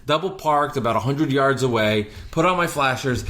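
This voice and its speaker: A man hosting a podcast, telling animated stories from his delivery shifts in casual chat. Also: mid-range voice, moderate pace, few pauses. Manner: animated anecdotes, breaks into singing. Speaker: podcast host and delivery driver.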